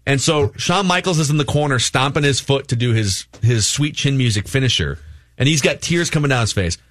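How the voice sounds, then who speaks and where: A man's voice: mid-range voice, brisk, no echo. A man hosting a sports radio show, telling stories in casual banter. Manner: chatty storyteller, animated retelling.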